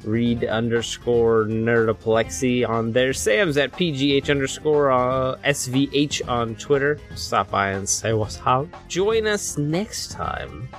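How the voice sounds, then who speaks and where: A man's voice: mid-range voice, slow pace, hardly any pauses. A man co-hosting a podcast, joking and rambling through casual chat. His voice sits in a middle register, and faint music runs underneath. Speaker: podcast co-host. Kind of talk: casual chat and show outro.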